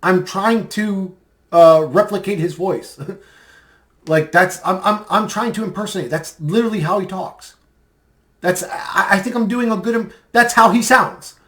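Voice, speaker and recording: A man's voice: high voice, measured pace, a bit bright. A man in a casual commentary vlog, rambling and mocking, with many fillers as he replies to comments. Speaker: video creator replying to comments.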